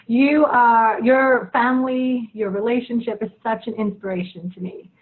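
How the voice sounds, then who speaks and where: A woman's voice: fairly high pitch, steady tone, moderate pace. A woman hosting an interview, affirming and gushing over her guest. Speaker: host. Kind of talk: casual interview. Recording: tinny phone-like line.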